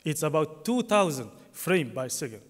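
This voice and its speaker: A very animated man with a high voice presents a technical talk at a conference. The hall echoes with long reverb, and he speaks haltingly, with plenty of fillers and self-corrections.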